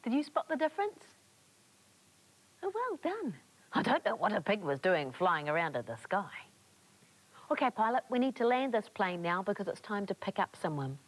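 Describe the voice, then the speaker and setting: A woman, a children's TV presenter, telling a story to young children in a lively, encouraging, sing-song way. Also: medium pitch, moderate pace, poor audio.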